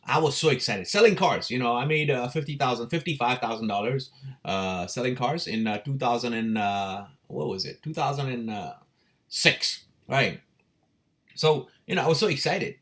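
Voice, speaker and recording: A man hosting his own stream, telling his life story in a casual, animated way, swearing and laughing often. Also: medium pitch. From India. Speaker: crypto livestream host.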